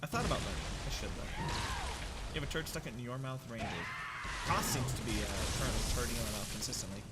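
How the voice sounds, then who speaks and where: Animated young American man streaming a game. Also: medium pitch, fast, very noisy. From United States. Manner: jokey, animated, reads chat aloud, bursts into shouts at the game. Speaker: livestreamer. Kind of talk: casual gameplay chat with viewers.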